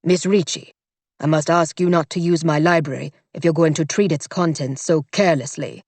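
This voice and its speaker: A woman voicing a haughty older male king who talks in a slow, condescending drawl. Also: deep voice, steady tone, a little mellow, no echo. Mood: stern. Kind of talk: audiobook character voice.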